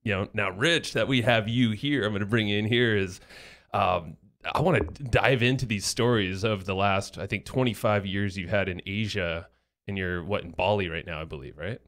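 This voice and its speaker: A man's voice: on the low side, moderate pace, a bit bright. A man hosting a podcast, chatting casually with lots of fillers and frequent laughter. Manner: laughs often, filler-heavy. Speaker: podcast host. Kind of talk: casual interview chat.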